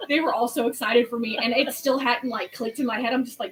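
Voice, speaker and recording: A woman's voice: a little high, fairly even intonation, fast, a bit bright, a little hiss or hum, low-quality recording. A woman in her late twenties telling a story in a rambling, chatty way, full of "like". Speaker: vlog host. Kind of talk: casual storytelling chat.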